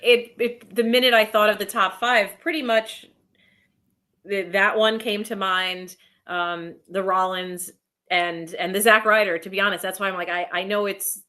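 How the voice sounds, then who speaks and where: A woman who is an independent wrestler, chatting as a guest and telling stories in an animated way. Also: mid-range voice, moderate pace. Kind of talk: casual chat.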